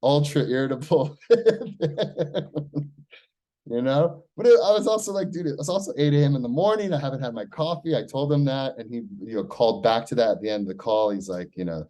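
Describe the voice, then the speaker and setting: Loose and profane, this vlogger from the United States records a spoken personal log as a rambling monologue packed with "like" and "right?". He's an American man with a dark, mid-range voice who talks fast with few pauses.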